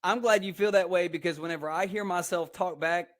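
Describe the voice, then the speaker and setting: Podcast guest: young Texan man, upbeat and preachy, slightly raised pitch. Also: a little fast. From Texas. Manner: energetic, preachy, laughs often. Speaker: podcast guest, speaker and personal trainer. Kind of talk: casual podcast interview.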